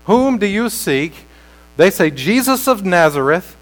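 A man preaching a sermon as pastor, slow and deliberate, building to loud, emphatic peaks while sweating. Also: sits high, big pitch swings, low-quality recording.

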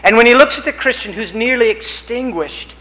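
A male preacher with a high, bright voice delivers a sermon. He tells it like a story, building and rising in force on the big images, then dropping back down. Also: expressive, a little fast, low-quality recording. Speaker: pastor.

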